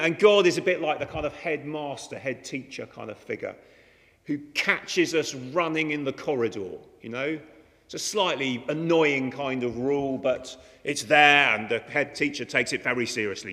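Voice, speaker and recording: A man's voice: fairly high pitch, fairly bright tone. A man preaching a sermon in a chatty way, often asking the listeners rhetorical questions. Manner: conversational, many rhetorical questions. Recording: long hall reverb.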